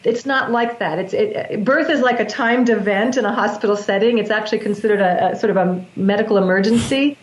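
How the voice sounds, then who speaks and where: A woman who works as a breathwork practitioner, explaining in a calm, measured way with frequent restarts. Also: mid-range voice, echoey room. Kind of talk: explanatory interview talk.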